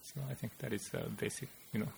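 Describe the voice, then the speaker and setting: A man with a Japanese accent, a physicist guest explaining theory in casual chat, halting and searching for words. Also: lowish voice, expressive, gravelly, darkish tone, slight background noise. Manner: halting, many "you know" fillers, searching for words.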